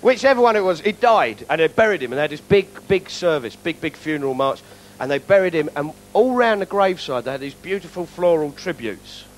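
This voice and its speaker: A man's voice: a little high, animated, a little fast, a little hiss or hum. A man doing a stand-up routine, telling it in a wry, sardonic way.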